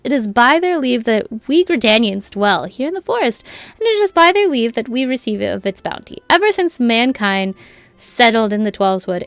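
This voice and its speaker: A woman's voice: fairly high pitch, dry recording. A woman reading the lines of a welcoming, long-winded guild lecturer aloud from a game, in a chatty lecturing way.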